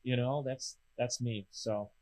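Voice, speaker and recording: A loud, animated man, talking in casual chat. His voice sits at a middling pitch and he projects every word, a man in his fifties who belts things out. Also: slow pace, poor audio. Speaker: real estate radio show host.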